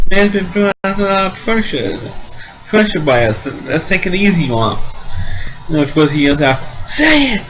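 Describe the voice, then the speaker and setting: A man talks through a comedy film he loves, retelling its scenes in a loose, rambling way. He stumbles and restarts often and leans on fillers as he goes. His pitch sits in a middle range. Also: fairly bright tone, poor audio. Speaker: amateur movie reviewer. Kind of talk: casual movie recap.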